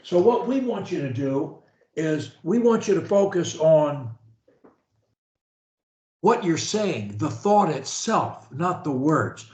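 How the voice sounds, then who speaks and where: A man's voice: fairly high pitch, slow pace. Emphatic male speech coach, echoey room. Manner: energetic, emphatic, drills phrases for repetition. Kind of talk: coaching a client. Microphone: video call. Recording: echoey room on a video call.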